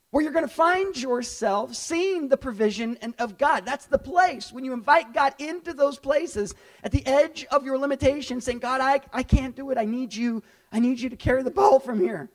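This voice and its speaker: A man with a very high voice preaches a sermon as a pastor, animated and conversational. He jumps into character voices for the people in his story. He is middle-aged and addresses the congregation directly. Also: moderate pace.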